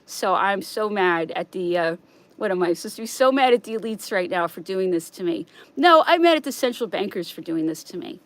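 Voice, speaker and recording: A woman talks alone to her stream in a rambling monologue, her voice sitting at an ordinary middle pitch. She circles back over the same points, pushes up louder when she gets worked up, then drops to a hushed, subdued murmur. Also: lively intonation, brisk, dry recording. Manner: agitated, repetitive, swings from loud to hushed.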